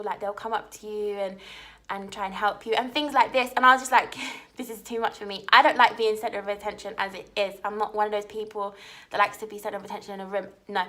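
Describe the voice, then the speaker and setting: A young woman vlogger with a mid-range, fairly bright voice tells a personal story to camera. She's chatty, says "like" a lot, and keeps checking in with viewers by asking "okay?"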